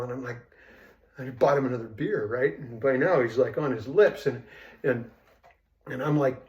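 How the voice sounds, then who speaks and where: A man's voice: mid-range voice, animated, normal speed, long pauses, a little mellow. An older man telling a rambling, casual story full of asides, in a roomy echoing recording. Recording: roomy echo.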